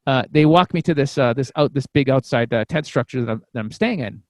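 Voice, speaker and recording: A man's voice: mid-range voice, a little fast, no room sound. A man guesting on a podcast, telling a personal story in a casual, rambling way, swearing freely and restarting his sentences often. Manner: rambling, profane, frequent restarts.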